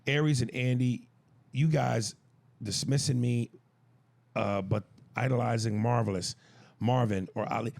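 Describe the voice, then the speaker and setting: A man co-hosting a podcast, reading out and mocking a listener email in loud, crude casual banter. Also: a little slow, vocal fry, long pauses. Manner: loud, animated and crude, jumps pitch for emphasis. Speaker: podcast co-host.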